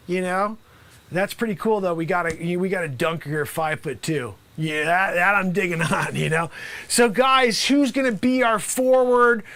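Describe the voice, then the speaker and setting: Man doing an improv bit as a loud, bossy small-town basketball coach; high, bright voice, lots of asides. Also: no room sound, heavily acted. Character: brash male high school basketball coach. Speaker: improv comedian host. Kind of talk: improv comedy sketch.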